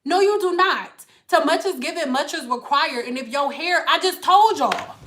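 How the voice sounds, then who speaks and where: With a high voice and a moderate pace, a hair stylist casually addresses live viewers. She comes across as blunt and animated, swearing without restraint and putting on playful voices.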